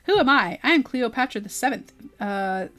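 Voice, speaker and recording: A woman's voice: fairly high pitch, expressive, moderate pace, bright, forceful tone. A woman voicing a vain, queenly female cyber ghost, talking in a grand, self-important way while reading game dialogue aloud. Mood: grandiose.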